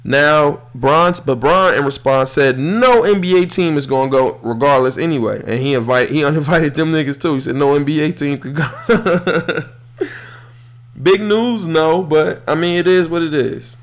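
A man's voice: a little high, normal speed, hardly any pauses. A young man hosting a podcast, talking solo about sports in a loose, heated, profane way. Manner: animated, swears freely, heated rants. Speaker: podcast host. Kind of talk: casual solo sports talk.

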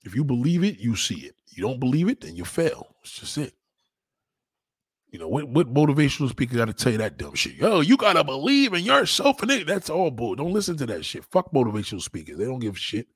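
A man's voice: mid-range voice, sing-song, fast, husky, no echo, clean studio sound. Mocking, swaggering New man. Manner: loud, mocking, swaggering, heavy swearing. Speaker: live stream host. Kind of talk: profane live chat reading.

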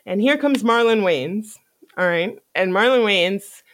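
A podcast host telling a story in casual chat, animated and profane, often laughing. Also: mid-range voice, unhurried, no room sound.

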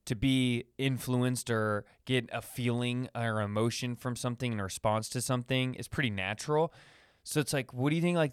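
Man, solo podcast host, rambling chat, smooth clear voice, dry close sound. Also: medium pitch, dry recording. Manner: rambling, many fillers, acts out funny voices in anecdotes. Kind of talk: casual solo podcast monologue.

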